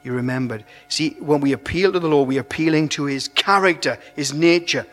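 A male preacher delivers a sermon in a high voice, animated and conversational. His phrases often restart, and the sound rings with a long hall reverb. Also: fairly quick.

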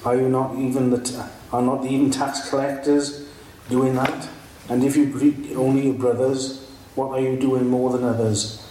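A man's voice: medium pitch, level tone, normal speed, dark tone. A man steadily reading scripture aloud. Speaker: scripture reader. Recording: distant echoey room with faint noise.

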